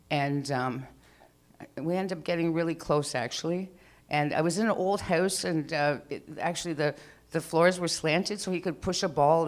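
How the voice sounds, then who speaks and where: Woman storyteller, live open mic, chatty and rambling, acts out the voices. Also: deep voice. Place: live venue stage.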